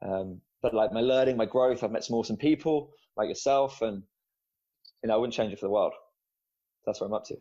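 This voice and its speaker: Lowish guy, ex teacher, pouring out his story on a podcast, swears a bit, muffled lo-fi audio. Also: fairly quick, warm tone. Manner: open, emotional, casual swearing. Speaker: guest, student coach and former teacher. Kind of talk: candid personal storytelling. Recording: dull lo-fi sound.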